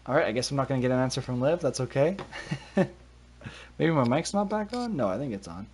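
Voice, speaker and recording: A man's voice: medium pitch, lively intonation, darkish tone, breathy edge. A man casually commenting on a hockey management game during a live stream, talking through his thoughts and reacting on the spot, into a desk mic with a cover on it. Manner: chatty, thinks aloud, quick reactions.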